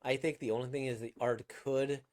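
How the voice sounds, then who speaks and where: A man's voice: mid-range voice, fairly even intonation, brisk, darkish tone. A man chatting casually about a comic he has read aloud. He rambles, fills gaps with "like" and "um", and picks apart his own performance. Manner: rambling, self-critical, many fillers. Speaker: manga reader and reviewer. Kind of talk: casual reaction commentary.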